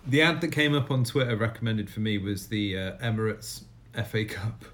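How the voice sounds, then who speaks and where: A man's voice: lowish voice, moderate pace. A man from England with a southern English accent, co-hosting a podcast with brief, easygoing replies. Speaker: podcast co-host. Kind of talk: casual chat. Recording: echoey room with loud noise.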